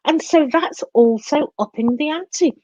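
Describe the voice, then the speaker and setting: Therapist guest, a woman; lively explainer who acts out voices, slightly high-pitched, dry close sound. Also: measured pace, dry recording, dull audio. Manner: animated, acts out inner voices. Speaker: guest, coach and psychotherapist. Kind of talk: explanatory interview talk.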